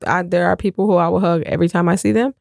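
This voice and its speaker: A middle-aged podcast co-host in casual chat, candid and relaxed, thinking aloud. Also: medium pitch, racing, vocal fry, no echo, clean studio sound.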